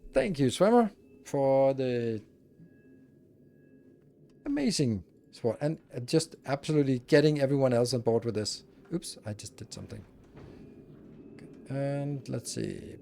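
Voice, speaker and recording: A man's voice: mid-range voice, sing-song, measured pace, creaky, pauses often, mellow. A man streaming a building game, thinking aloud and muttering as he plays. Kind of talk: casual live-stream commentary.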